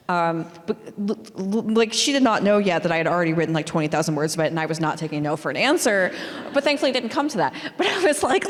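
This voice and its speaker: Chatty, laughing author in a reverberant hall. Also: female voice, mid-range voice, animated, moderate pace. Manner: chatty, laughing often, lots of fillers. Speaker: author guest. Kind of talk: live interview conversation. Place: library hall before a live audience. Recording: long reverb of a large hall.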